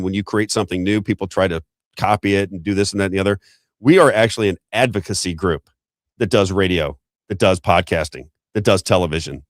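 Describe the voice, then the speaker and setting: A man hosting a show of political commentary, talking excitedly and rambling with restarts. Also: lowish voice, dry recording, studio quality. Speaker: show host.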